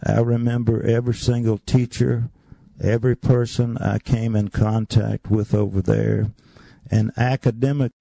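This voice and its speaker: An older man looks back on his childhood, his voice low in tone and gravelly with fry. He speaks dry and close, as an interview guest spinning stories. He slips into the voices of the people he remembers. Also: flat delivery, a little slow, mellow, no room sound. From North Carolina. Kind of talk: storytelling interview.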